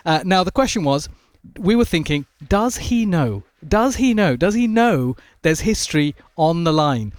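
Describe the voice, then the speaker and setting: A man's voice: fairly high pitch, a little slow, few pauses, no echo. A man reporting on golf in a chatty radio sports discussion, telling stories with lots of fillers. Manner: animated storytelling, frequent fillers.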